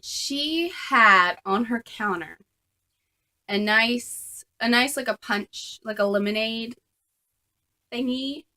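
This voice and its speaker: A young woman with a bright, slightly high voice tells a storytime vlog to her camera. She is chatty and animated, full of ums and likes, and sounds like she is talking to a tripod camera. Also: takes it slowly, long pauses. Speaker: vlogger. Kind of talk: casual storytime.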